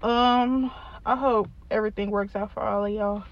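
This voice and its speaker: A woman's voice: mid-range voice, fairly even intonation, normal speed, dull audio, a little hiss or hum. A young woman hosting a solo podcast, venting in a blunt, profane, exasperated way, laughing now and then. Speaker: podcast host.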